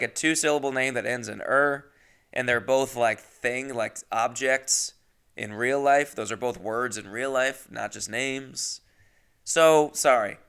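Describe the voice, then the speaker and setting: A man's voice: medium pitch, creaky, fairly bright tone, smooth. A young man telling a rambling, self-deprecating comic story as a comedian, full of asides.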